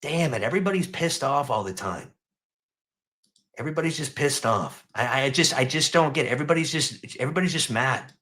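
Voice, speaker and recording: A man's voice: mid-range voice, animated, a little fast, sharp tone. A man hosting a casual reaction show, mocking and profane as he riffs on clips.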